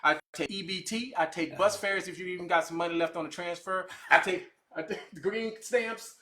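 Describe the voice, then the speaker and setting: A man hosting a live studio show, hyping his audience with loud, excitable talk. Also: sits high, fairly quick. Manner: loud, excitable, shouting hype. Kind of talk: hyped live-stream talk.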